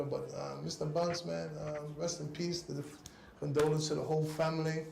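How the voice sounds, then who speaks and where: A man speaking as a guest on a cycling talk show, giving an earnest, halting spoken tribute that often trails off softly. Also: a little high, level tone, vocal fry, roomy sound.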